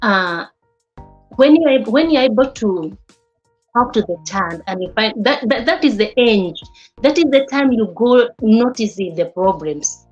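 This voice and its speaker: Halting woman teacher lecturing a class. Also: on the high side, expressive, faint music behind. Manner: halting, repeats and restarts words often. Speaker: teacher of early childhood development. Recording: slightly dull lo-fi recording.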